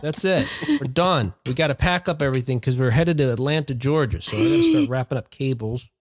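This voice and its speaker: A man's voice: mid-range voice, very animated, fairly quick. A man co-hosting a podcast, reading out chart entries with wry, joking remarks in casual chat. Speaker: podcast co-host.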